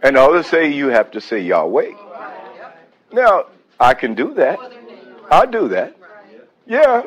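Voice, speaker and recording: A man's voice: a little high, big pitch swings, unhurried, rough recording. A man preaching a sermon, breaking off into praise and hallelujahs between points.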